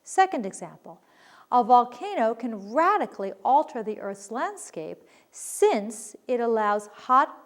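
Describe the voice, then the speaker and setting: A woman's voice: a little high, very animated, a little slow. A woman teaching a recorded writing lesson, patiently explaining sentence structure and reading examples aloud.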